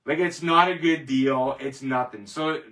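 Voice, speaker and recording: A man's voice: medium pitch, a little slow, fairly bright tone. A man hosting a casual rant show, rambling and emphatic, scoffing at each verdict. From Canada. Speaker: show host. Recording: voice distant from the mic.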